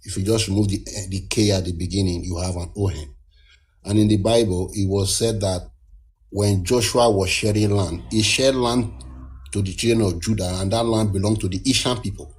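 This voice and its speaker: A man's voice: fairly low pitch, steady tone, normal speed, a little mellow. A man from Nigeria, earnestly explaining as a guest in a casual discussion, often restarting his sentences. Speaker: guest caller.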